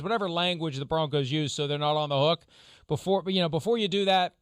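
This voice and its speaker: Man, sports talk host, lawyerly explainer, clear resonant voice, slightly high. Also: fast talker, no echo, clean studio sound. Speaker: show host, legal analyst. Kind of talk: sports talk show discussion.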